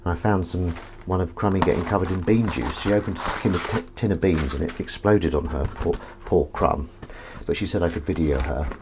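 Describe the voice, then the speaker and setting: A man's voice: sits low, brisk, hardly any pauses, noisy background. A man chatting casually to a live-stream audience from his home kitchen while washing up, rambling and self-mocking.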